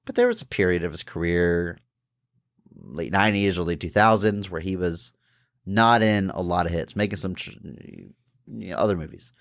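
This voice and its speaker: A man's voice: low-pitched, moderate pace, gravelly, dry recording, studio quality. A man co-hosting a podcast, chatting casually and enthusiastically about a film, laughing often. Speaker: podcast co-host.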